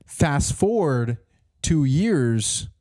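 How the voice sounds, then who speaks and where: A man co-hosting a comedy podcast improvises a silly adventure story, rambling with lots of fillers and restarts and laughing at his own tale. His voice is on the high side with a darkish tone and big pitch swings, and he speaks extremely slowly.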